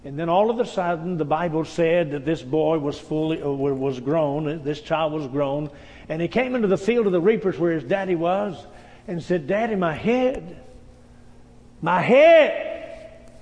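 Male pastor, high voice, storytelling sermon style, recorded in an echoing hall. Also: normal speed, dark tone. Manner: folksy storytelling preacher, frequent amens.

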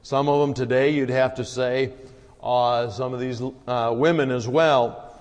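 A man's voice: medium pitch, steady tone, measured pace. A man preaching a sermon in a folksy, conversational way, with long hall reverb.

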